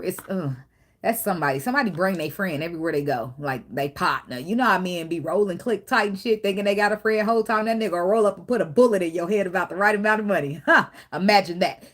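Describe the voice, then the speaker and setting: A woman's voice: lowish voice, fast talker. A woman giving a casual tarot reading, blunt and profane, talking straight to the viewer. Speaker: tarot reader.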